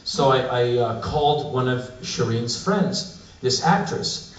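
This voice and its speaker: A man in his forties telling a comic story on stage with a wry, animated, sardonic delivery. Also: mid-range voice, takes it slowly. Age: 40s. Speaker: spoken-word performer. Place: live club stage. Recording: roomy, distant, dull live stage sound.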